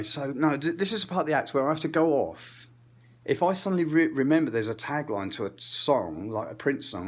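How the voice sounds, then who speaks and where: A man doing a rambling comic rant, swearing casually, losing his thread and drifting between muttered asides and louder bursts. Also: mid-range voice. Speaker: channel host.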